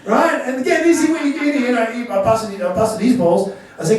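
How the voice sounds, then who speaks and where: A man's voice: extremely high pitch, expressive, brisk, a crowd in the background. A middle-aged man, hosting a stand-up night with brash, profane, sarcastic banter. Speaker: comedy MC. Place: comedy venue stage. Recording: echoey room from far off with audience. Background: audience laughter.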